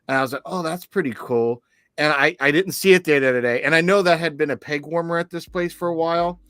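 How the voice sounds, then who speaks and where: A man's voice: a little high, steady tone, fast, bright, forceful tone, clear, resonant tone, no room sound, studio quality. A man co-hosting a podcast, telling a long story in casual chat with lots of restarts. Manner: rambling storyteller, many restarts. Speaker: podcast co-host.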